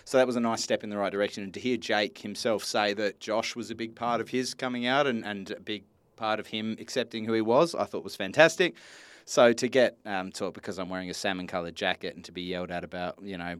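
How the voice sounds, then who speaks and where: A man's voice: lowish voice, fairly even intonation, fast talker, smooth, no echo. A man, co-hosting a casual sports podcast, talking in a blunt, chatty way and swearing freely. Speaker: podcast co-host.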